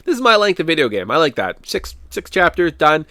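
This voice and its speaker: A man co-hosting a gaming podcast, talking casually with a head cold. His pitch swings widely as he gets excited and acts out little quotes, and the recording is dry and close. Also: brisk, no room sound. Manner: animated, jumps into quoted voices. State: has a cold. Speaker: podcast co-host. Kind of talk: casual chat about retro games.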